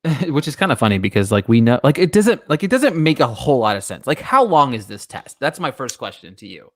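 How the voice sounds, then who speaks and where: A man co-hosting a podcast, walking through a TV episode in relaxed casual chat, with frequent laughs and "um" and "you know.". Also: medium pitch, fairly quick. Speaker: podcast co-host. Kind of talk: casual chat recapping a TV show.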